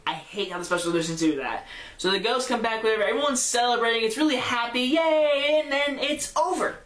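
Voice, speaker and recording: A woman's voice: a little high, fast, a bit bright, roomy sound. A woman giving a casual, gushing movie recap, rambling and often trailing off with a dismissive "whatever". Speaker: movie reviewer.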